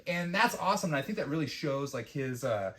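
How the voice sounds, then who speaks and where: A man's voice: fairly high pitch, expressive, fairly quick, a bit bright. Rambling, profane man reviewing a series. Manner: rambling and profane, with mocking quoted impressions. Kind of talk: casual TV review.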